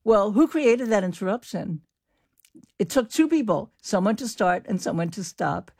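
An older woman explaining her research in an interview, in an animated, explanatory way. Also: mid-range voice, moderate pace, gravelly, husky, dry recording, studio quality. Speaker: linguist guest. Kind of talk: interview answers.

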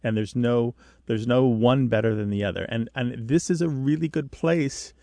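A man's voice: medium pitch, moderate pace, creaky, mellow, no echo, clean studio sound. A man co-hosting a call-in radio show about language, patiently explaining dialect differences with vivid comparisons. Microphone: studio mic.

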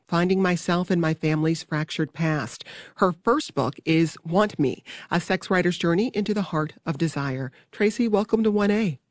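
A radio show host introducing a guest and asking questions in a measured, clear, inviting way. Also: mid-range voice, dry recording, studio quality. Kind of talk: public radio interview hosting.

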